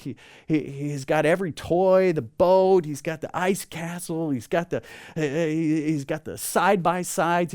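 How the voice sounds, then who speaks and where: A man delivers a sermon from a church sanctuary. His voice sits fairly high, and he builds into emphatic lists before tripping into stammered restarts and quick chuckles. He calls the congregation to repeat lines back with him. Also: dry recording, studio quality. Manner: animated preaching, builds to emphatic lists, leads congregation call-and-response. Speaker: pastor.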